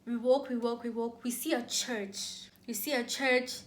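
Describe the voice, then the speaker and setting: Animated young South African woman, higher voice. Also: unhurried. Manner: animated, dramatic retelling with repetitions and acted-out quotes. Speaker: YouTuber. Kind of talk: storytime vlog.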